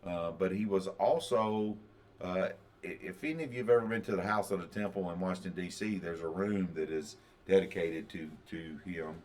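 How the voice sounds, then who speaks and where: Podcast co-host, man, very low voice, halting delivery. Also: darkish tone. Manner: halting, many fillers and restarts. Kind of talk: casual chat.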